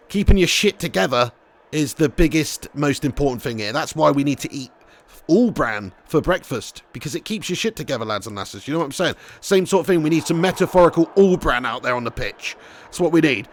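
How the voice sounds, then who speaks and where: Excitable, high-voiced man streaming. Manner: excitable, swears freely, shouts at goals. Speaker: streamer playing a football career mode. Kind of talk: live gaming commentary and chat reading.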